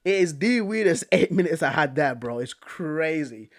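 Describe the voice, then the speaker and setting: Man, young adult, British accent, from Manchester, higher-pitched, casual vlog storytelling, slangy, repetitive. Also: normal speed. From Manchester, England. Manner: animated, repetitive, slangy retelling. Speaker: vlogger.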